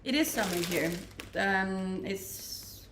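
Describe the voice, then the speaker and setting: A young woman with a Danish accent talks easily to her livestream viewers. She answers their questions and laughs often. Her voice has a gravelly fry and sits in an echoey room with a faint ambient hum. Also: mid-range voice, slow. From Denmark. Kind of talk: casual chat reading viewer messages.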